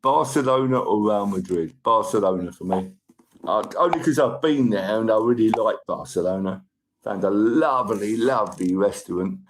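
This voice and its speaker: A man from the UK with a British accent, hosting a livestream and chatting casually through viewer comments, upbeat and a bit overexcited, his voice croaky. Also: lowish voice, moderate pace, noisy background. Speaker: livestream host.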